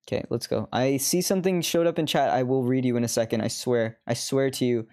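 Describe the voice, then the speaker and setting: A woman's voice: extremely low pitch, brisk, dark tone. A woman streamer chatting through live gameplay commentary, laughing often and swearing freely.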